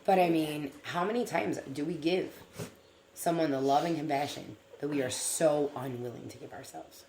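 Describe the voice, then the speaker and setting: A woman's voice: sits low, moderate pace, reverberant, slight background noise. A woman co-hosting a talk show, talking earnestly and at length about something personal. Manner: earnest, rambling, animated.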